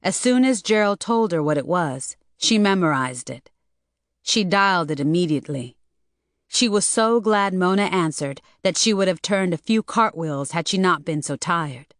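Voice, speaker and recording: A woman narrating an audiobook in an even, measured, scripted reading. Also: lowish voice, dry recording, studio quality.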